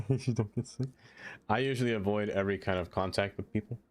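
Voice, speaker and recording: Low-voiced man chatting while streaming a game. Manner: talks to the game and reads chat aloud, quick to exclaim in dismay. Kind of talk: casual live-stream chatter while playing.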